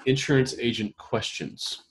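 A man's voice: medium pitch, fairly even intonation, measured pace. A man hosting a casual roundtable, reading a list of questions aloud and reacting to them with amused commentary. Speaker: podcast host.

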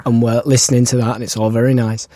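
A man, co-hosting a podcast and telling stories in an excitable, chatty way with frequent laughs. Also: mid-range voice, fast talker, dry recording, studio quality. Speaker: podcast co-host. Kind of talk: casual chat.

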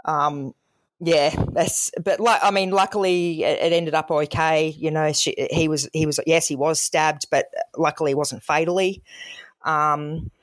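With a steady tone and unhurried pace, a woman whose voice sits low tells frank stories from her past as an emergency call operator, imitating callers. She has an Australian accent, and the podcast audio is studio quality with no room sound.

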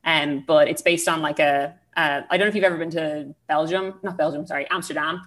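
A woman's voice: low-pitched, fairly even intonation, fairly quick, fairly bright tone. A young woman in her twenties with an Irish accent, chatting casually as a podcast guest, self-deprecating and full of fillers. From Ireland. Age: 20s.

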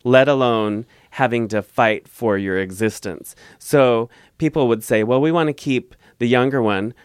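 An earnest man speaks as a guest, warm and heartfelt as he rambles through a long personal story. His voice is smooth and resonant at a middle pitch. The sound is dry and close, with no room around it. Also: measured pace, no echo. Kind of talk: casual interview storytelling.

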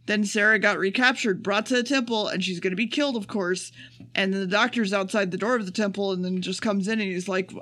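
A man co-hosting a casual podcast, recapping an episode in a sarcastic, profane, rapid way. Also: sits high, steady tone, bright, forceful tone. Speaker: podcast co-host.

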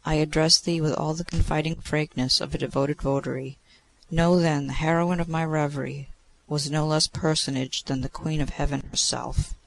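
A man's voice: on the high side, fairly even intonation, moderate pace, vocal fry, poor audio. A man reading aloud, voicing an earnest, lovesick mortal king who pleads with a god.

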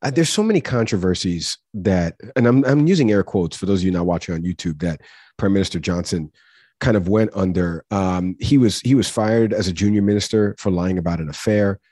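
Low, husky man chatting loosely. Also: brisk, mellow, dry recording, studio quality. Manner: rambling, chuckling, restarts often. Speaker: podcast co-host. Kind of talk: casual chat.

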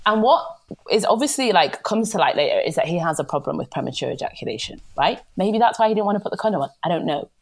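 Animated, blunt young woman. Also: fairly low pitch, quick pace. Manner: blunt, animated storytelling with swearing. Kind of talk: candid casual chat.

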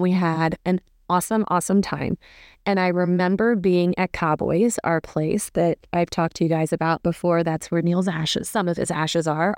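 Podcast lady telling a story, smooth lowish voice, rambly and fond, dry close sound. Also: no echo. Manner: rambling, self-correcting recollection; emotional, fond remembrance. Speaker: podcast host. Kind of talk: unscripted personal storytelling.

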